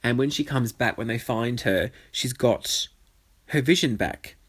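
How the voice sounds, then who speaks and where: A man's voice: medium pitch, unhurried, a bit bright, slightly rough. Man, solo podcast host, chatty and sweary, wanders off on tangents. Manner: rambling, sweary, goes off on tangents. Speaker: podcast host, drag performer. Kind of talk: casual solo podcast chat. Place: bedroom.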